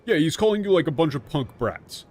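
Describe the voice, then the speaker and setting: A man streaming a game, casually explaining the translation in an animated, profane way. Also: fairly high pitch, brisk.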